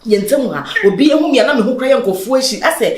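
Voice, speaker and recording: A distraught young Ghanaian woman pours out her grievances, pleading and lamenting in a mix of Twi and English. Her voice is somewhat high. It rings in an echoey room. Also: lively intonation, racing, crowd noise. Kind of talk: Ghanaian film acting.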